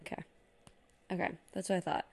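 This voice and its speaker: A young woman hosting a casual podcast, chatty, laughing often and saying "like" a lot. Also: a little fast. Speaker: podcast host.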